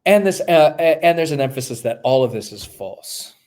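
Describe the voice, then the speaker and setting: A man's voice: fairly high pitch, expressive, normal speed, darkish tone. A male New Testament scholar, a podcast guest, explaining texts step by step while thinking aloud with many fillers and restarts. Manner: lecturing, walks through texts step by step.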